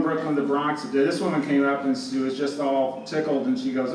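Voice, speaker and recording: A man's voice: mid-range voice, level tone, a little fast. A man giving a stage talk, telling wry anecdotes with frequent laughs. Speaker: presenter. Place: live event hall with audience. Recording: roomy, distant, with background noise.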